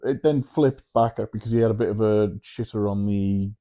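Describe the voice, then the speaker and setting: Male podcast co-host who jokes and swears, low and mellow. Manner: teasing, sweary, quick to joke. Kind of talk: casual sports chat.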